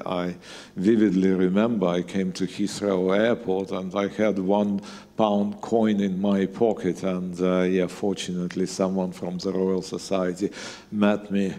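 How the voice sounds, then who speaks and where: Man, middle-aged, Russian accent, lowish voice, halting with fillers, dry humour, long hall reverb. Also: mellow. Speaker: guest scientist. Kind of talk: live on-stage conversation. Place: museum event hall, live audience.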